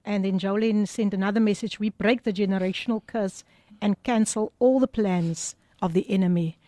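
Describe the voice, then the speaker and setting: A South African woman hosting a live show, reading out listener greetings in a lively voice that switches between English and Afrikaans. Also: mid-range voice, moderate pace, no echo. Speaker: host.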